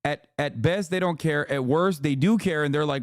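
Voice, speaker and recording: A male streamer giving animated, profane, sarcastic live commentary in a casual rant. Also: on the high side, moderate pace, no room sound, studio quality.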